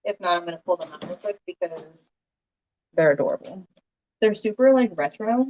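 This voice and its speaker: A woman's voice: on the low side, lively intonation, moderate pace, lo-fi sound. A woman selling jewelry on a casual livestream, chatting with viewers by name with lots of ums. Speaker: live-sale jewelry seller.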